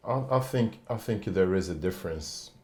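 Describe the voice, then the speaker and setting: Man, ex-player now coach, low voice, halting, searching for words. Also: expressive, a little mellow. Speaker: former player turned coach, guest. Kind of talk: panel discussion.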